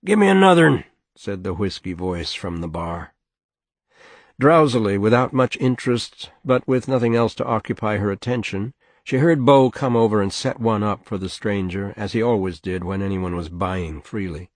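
A man narrating a novel as an audiobook in a measured, even storytelling manner. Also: on the low side, dry recording.

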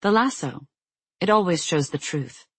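Narrator doing a calm warrior woman, low and soothing. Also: moderate pace, breathy edge, no room sound. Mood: gentle.

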